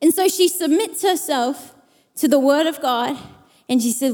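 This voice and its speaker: A woman preaching a sermon with a high voice that carries through a reverberant hall. She tells stories with quick humour and leans on repeated phrases to drive her points home. The long reverb of the room trails after each line. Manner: lively, jokey storytelling with repeated emphatic phrases.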